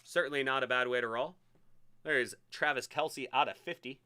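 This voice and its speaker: A man hosting a live-streamed sports card break, chatty and excitable as he hypes each card he pulls. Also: mid-range voice, moderate pace, clear, resonant tone.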